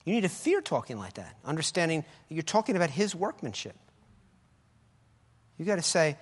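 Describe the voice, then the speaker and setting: Fervent male preacher, high voice, echoing sanctuary reverb. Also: wildly swooping pitch, a little fast, breathy edge. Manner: fervent, swings between shouting and soft asides. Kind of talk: sermon. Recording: echoey hall with long reverb.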